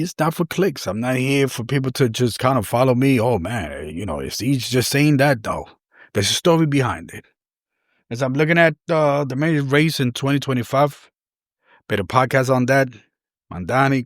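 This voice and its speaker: A man's voice: medium pitch, no room sound, clean studio sound. A man, hosting a podcast and telling a personal story in an earnest, rambling, conversational way. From New York City. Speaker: podcast host.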